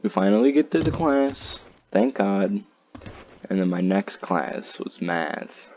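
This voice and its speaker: Teen boy, deep and slow, casual profane storyteller, muffled lo-fi recording. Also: lively intonation. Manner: rambling, profane, frequent "like" and "dude". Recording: slightly dull lo-fi audio, faint noise.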